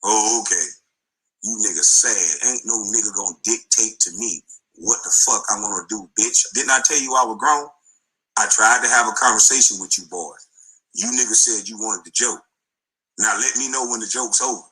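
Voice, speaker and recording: A man's voice: mid-range voice, bright, forceful tone, slightly rough, low-quality recording. A middle-aged man, a former basketball player, delivering an angry, taunting rant full of insults in a played clip.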